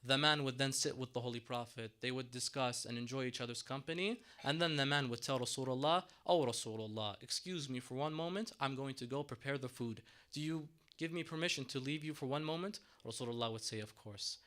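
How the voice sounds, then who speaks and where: A man's voice: medium pitch, brisk, few pauses, pushed and bright. A man preaching a sermon in a mosque, telling a story dramatically and acting out the characters' voices.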